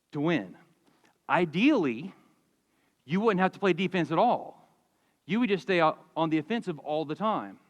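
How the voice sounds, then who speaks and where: A man in his forties preaching a sermon, telling stories in a lively, conversational way with humor. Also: on the high side, big-room sound. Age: 40s. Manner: animated storytelling, conversational with humor. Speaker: pastor. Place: church sanctuary.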